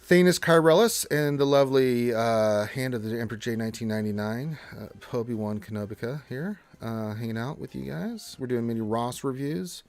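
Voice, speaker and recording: A man hosting a casual gaming livestream from home on a close desk mic, chatty and excitable, talking to himself as he plays. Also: medium pitch, clear, resonant tone, no echo. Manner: excitable, chatty, talks to himself while playing. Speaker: livestream host.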